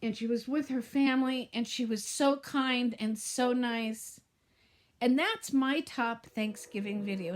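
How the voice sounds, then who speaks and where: A middle-aged woman vlogging to camera in a heartfelt, rambling way that often trails off and restarts. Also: fairly high pitch. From Southern California. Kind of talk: casual talk to camera.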